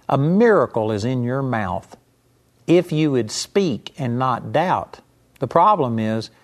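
A man preaching a sermon, emphatic, slowing down to stress each scripture quote. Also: mid-range voice.

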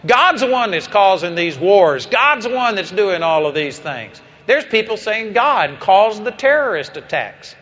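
A man's voice: high voice, sing-song, measured pace, few pauses, a bit bright. A man preaching a sermon, telling a story with impassioned, emphatic delivery. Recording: dull lo-fi recording.

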